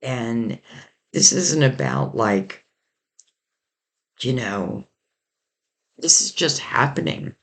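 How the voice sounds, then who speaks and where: A man's voice: medium pitch, sing-song, extremely slow, pauses often, fairly bright tone. A man giving a casual tarot reading in a rambling, reflective way, full of fillers, while his voice is going. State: losing his voice. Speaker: tarot reader.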